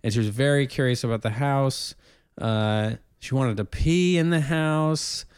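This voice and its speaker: A man's voice: medium pitch, measured pace, clean tone, dry recording, studio quality. Rambling, self-deprecating man in his late thirties. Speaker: podcast co-host. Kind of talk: casual chat.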